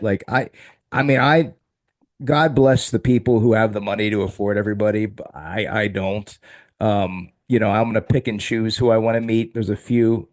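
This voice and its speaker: Rambling, excitable male host. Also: on the low side. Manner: rambling and excitable, quick restarts. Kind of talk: casual chat.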